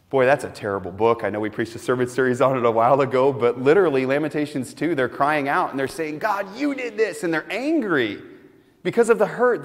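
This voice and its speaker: A pastor preaching a sermon in an earnest, emphatic way, repeating phrases to build his point. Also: a little high. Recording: long hall reverb.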